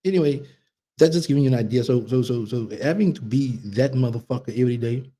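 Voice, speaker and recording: Mellow-voiced man. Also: medium pitch, fast. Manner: rambling, profane, frequent restarts. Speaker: vlogger. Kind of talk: casual monologue.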